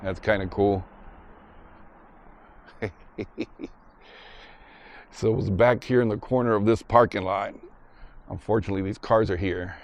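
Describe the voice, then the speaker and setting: Strolling outdoors through a parking lot and ballpark, a vlogger touring filming locations chats casually to his handheld camera and recounts scenes as he goes. His voice is on the low side, and the top end of the audio is cut off.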